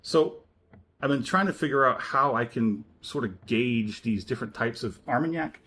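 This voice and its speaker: A man hosts a laid-back spirits review channel. His voice sits at an ordinary middle pitch, and he talks casually in a playful, joking way. He tends to ramble a little as he goes. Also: animated, moderate pace, sharp tone, slight background noise.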